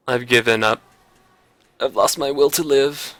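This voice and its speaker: A man's voice: mid-range voice, steady tone, a little slow, a bit bright, soft background music. A man chatting casually on a livestream while he critiques and redraws art, joking with mock outrage and mocking himself. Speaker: art streamer giving drawing critiques.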